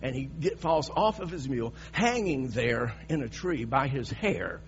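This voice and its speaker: A man's voice: mid-range voice, very animated, measured pace. Emphatic male preacher, dull recording. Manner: emphatic, dramatic, with frequent restarts. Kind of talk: sermon. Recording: dull recording with mains hum.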